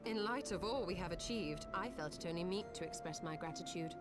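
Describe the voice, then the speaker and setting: A woman's voice: lowish voice, brisk, over music, close to an everyday voice. An actress playing an earnest, courtly noblewoman in a game cutscene, speaking in formal, old-fashioned phrases.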